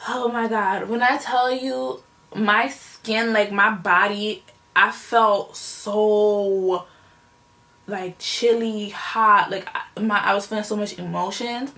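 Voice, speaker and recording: A woman's voice: mid-range voice, steady tone, takes it slowly, sharp tone. A young woman telling a personal story on her own channel in a casual, emotional, rambling way, with many fillers. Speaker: vlogger.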